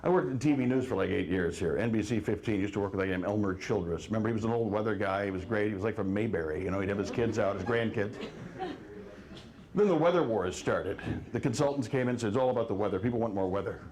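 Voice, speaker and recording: A man in his forties doing a stand-up comedy set, telling wry stories with quick quoted asides. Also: fairly low pitch, reverberant, a crowd in the background. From Wisconsin. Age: 40s. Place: live comedy venue with audience.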